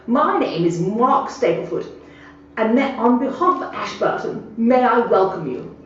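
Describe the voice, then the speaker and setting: Cast a woman doing a gushing, forgetful posh old gentleman, lively pitch, heard distant and muffled in an echoey room. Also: slight background noise, exaggerated voice. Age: older. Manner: grand, drawn-out, overly welcoming. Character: posh retired English gentleman, forgetful, effusive.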